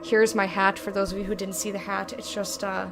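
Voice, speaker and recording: Music plays in the noisy background as this young woman plays and chats with her viewers, cracking jokes and cursing freely into a desk mic, headphones on. She talks fairly quickly in a creaky, medium-pitched voice with a level tone, giving loose commentary on her game.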